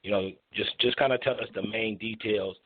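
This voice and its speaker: A man's voice: lowish voice, fairly even intonation, moderate pace. A man hosting a call-in show, talking with stumbling, repeated restarts. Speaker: talk show host. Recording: tinny phone line with faint noise.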